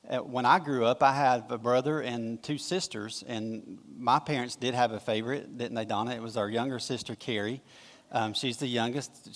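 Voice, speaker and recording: A man with a Southern American accent gives a relaxed, chatty sermon, telling the story in his own words and slipping into little voices for the quotes. His voice sits in a middling register, and the sound rings with a long church-hall reverb. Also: mid-range voice. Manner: casual, folksy storytelling with quick acted-out quotes. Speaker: pastor. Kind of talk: conversational sermon. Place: church sanctuary.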